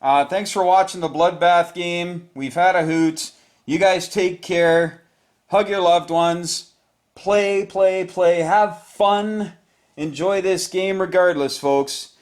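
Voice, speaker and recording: A man playing a board game at home and narrating each dice roll to his viewers, growing excited as the rolls go his way, recorded on his own camera. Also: high voice, takes it slowly. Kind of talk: casual play-by-play of a board game. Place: home, indoors.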